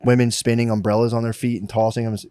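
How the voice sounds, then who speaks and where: A man co-hosting a casual podcast who talks quickly and swears freely. He rambles through stories and acts out the other people's lines. The sound is dry and close, with no room echo. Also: medium pitch, level tone, mellow, clean tone. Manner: rambling storyteller, acts out voices, swears a lot. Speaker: podcast co-host.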